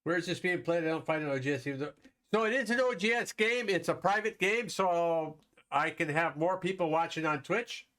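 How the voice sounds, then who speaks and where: A man's voice: a little high, lively intonation, fairly quick, fairly bright tone. A man from Wisconsin hosting a live stream, chatting casually with viewers while commenting on a board game and laughing often.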